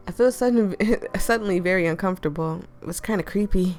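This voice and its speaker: Deep-voiced chatty woman streamer. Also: fairly quick, few pauses, soft background music. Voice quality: deep natural speaking voice. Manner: chatty, laughs often, reacts loudly. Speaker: game streamer. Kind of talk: playing and reading a visual novel aloud.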